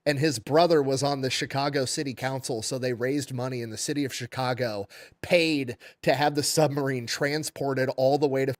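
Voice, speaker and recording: A man's voice: mid-range voice, normal speed, no room sound. A man casually telling a story, acting out the lines of the people in it. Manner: animated, acts out quoted lines.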